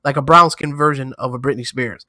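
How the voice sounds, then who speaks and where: Bright-toned New man in casual chat. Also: mid-range voice, fairly even intonation, brisk, dry recording, studio quality. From New York. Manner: loose, boastful storytelling with slang. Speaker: podcast co-host.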